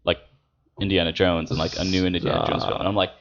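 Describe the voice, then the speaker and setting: A man hosting a casual gaming podcast, talking in an animated way, with many fillers and laughs. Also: deep voice, fast talker, creaky, slight background noise. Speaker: podcast host. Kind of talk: casual podcast chat about games. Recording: dull lo-fi podcast audio.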